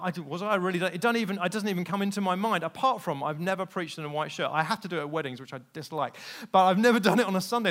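At a church service, a man with a high-sitting voice preaches a sermon, candidly sharing personal stories. He swings between quiet asides and loud, emphatic peaks.

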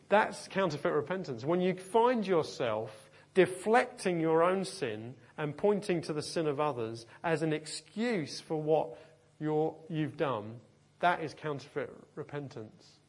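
Preacher, male, emphatic sermon delivery with wry asides, voice sits a bit high. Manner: lively, emphatic, humorous asides to the congregation. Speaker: pastor.

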